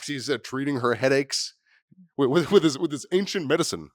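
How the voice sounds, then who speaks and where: A man's voice: medium pitch, fairly quick, dry recording, studio quality. A man co-hosting a podcast, rambling through a story in casual chat, swearing freely and restarting his sentences. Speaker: podcast co-host.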